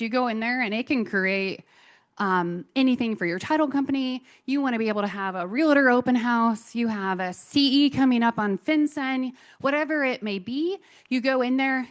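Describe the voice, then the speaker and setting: At a conference, a woman with a mid-range voice gives a talk about software tools. She's chatty and enthusiastic, slipping in self-deprecating asides.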